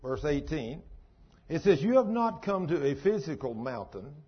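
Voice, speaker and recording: Guy preaching, husky voice, bit high, dull lo-fi recording. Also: very animated, normal speed. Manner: folksy, dramatic storytelling with sudden shouts. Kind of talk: sermon.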